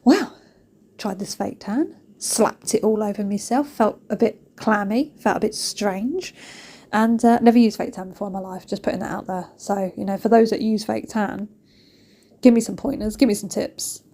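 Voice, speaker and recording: A woman telling stories in a chatty, animated way, recording a voice-over in her kitchen. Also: medium pitch, moderate pace. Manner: chatty, animated, laughing storyteller. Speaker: vlogger. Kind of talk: casual storytelling voice-over.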